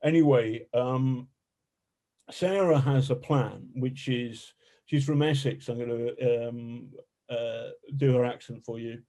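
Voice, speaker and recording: A man, an investigative journalist, telling stories in a colorful, animated way as a podcast guest and swearing freely. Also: medium pitch, slow. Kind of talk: casual storytelling interview.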